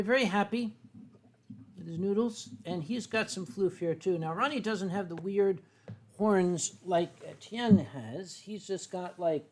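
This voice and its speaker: A man hosting a livestream, chatting playfully and rambling with lots of fillers while he draws viewer requests. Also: high-pitched. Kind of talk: casual rambling chat while drawing.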